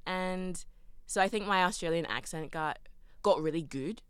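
A young woman co-hosting a casual podcast chat, giggly, animated and playful. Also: fairly low pitch, normal speed, clean tone, no echo. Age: young adult. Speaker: podcast co-host.

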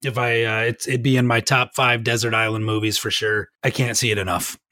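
A man rambling happily through a movie story in casual podcast chat. His voice sits at an ordinary middle pitch. The sound is dry and close, with no room around it. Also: level tone, brisk, sharp tone, no echo. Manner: enthusiastic rambling storyteller, laughs often. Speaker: podcast guest.

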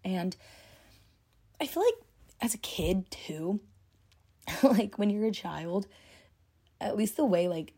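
A woman's voice: mid-range voice, expressive, takes it slowly, long pauses, warm tone, breathy edge. A young woman hosting her own podcast, talking casually and chattily with lots of "like" and "you know.". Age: young adult. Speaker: podcast host. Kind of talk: casual solo podcast talk.

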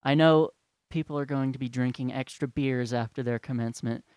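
A man's voice: mid-range voice, fairly even intonation, a little fast, a little mellow, clear, resonant tone, no room sound, studio quality. A young man ranting, heated, profane and sarcastic. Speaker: vlogger. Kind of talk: angry rant.

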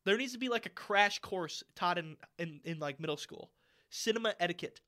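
A man's voice: high-pitched, moderate pace, sharp tone. A young man co-hosting a casual podcast chat, ranting and swearing freely with lots of fillers. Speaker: podcast co-host.

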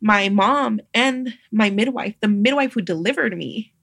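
A young adult woman, a midwife guest on a podcast, telling a personal story in a casual, animated way and acting out the voices of others. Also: mid-range voice, a little slow, creaky, no room sound, studio quality. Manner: animated, acts out quoted voices, laughs often.

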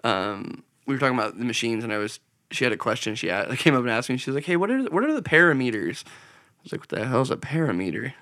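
A man's voice: medium pitch, expressive, quick pace, fairly bright tone, dry recording, clean studio sound. A young man in casual podcast chat, telling anecdotes, laughing often and swearing freely. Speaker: podcast co-host.

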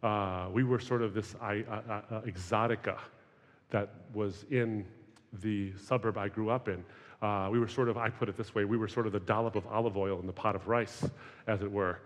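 A man's voice: on the low side, steady tone, normal speed. A man in his forties giving a conversational talk to students, telling stories with wry humor. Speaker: speaker. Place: large hall. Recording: hall with long reverb.

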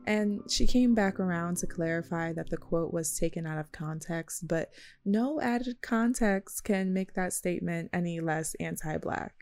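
Mellow-voiced woman narrating a video essay. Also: on the low side, no echo, faint music behind. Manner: measured, critical, plain-spoken. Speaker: commentary video host.

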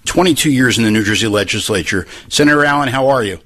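A man's voice: mid-range voice, fast, a bit bright, no room sound. A male talk radio host interviewing a guest, often stammering and repeating words as he restarts.

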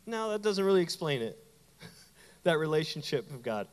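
Animated pastor preaching in a reverberant hall. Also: male voice, a little high, normal speed. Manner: animated, conversational preaching with playful asides. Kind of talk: sermon. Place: church sanctuary.

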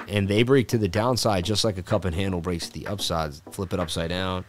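Man, low voice, casual livestream host, jokey and rambling, faint background music. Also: fairly quick, few pauses. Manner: loose, jokey, riffs and repeats himself. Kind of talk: casual livestream market analysis.

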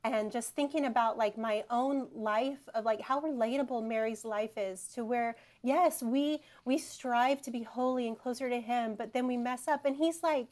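A woman's voice: on the high side, moderate pace, few pauses, a little mellow. A woman co-hosting an interview, chatting in a heartfelt way and telling personal stories about her family. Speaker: guest co-host. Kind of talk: conversational interview.

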